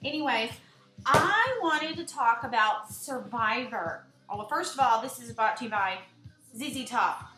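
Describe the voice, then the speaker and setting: A woman giving a blunt, animated casual rant to the camera as a vlogger. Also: on the high side, measured pace, echoey room, soft background music.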